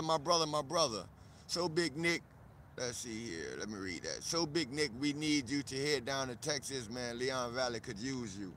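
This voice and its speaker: A man from South Florida hosts a live stream outside in a park, talking loosely to his viewers and greeting them by name with lots of laughs. His voice is bright and forceful, with faint traffic sounds behind him. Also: mid-range voice. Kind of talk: casual live-stream chat. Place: outdoors in a park.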